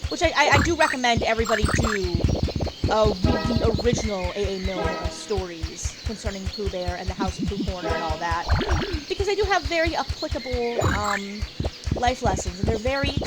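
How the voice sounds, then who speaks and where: Playful woman chatting over loud game music. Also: fairly high pitch. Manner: chatty, playful, rambling, trash-talks game enemies. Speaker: let's play host. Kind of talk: casual gameplay commentary.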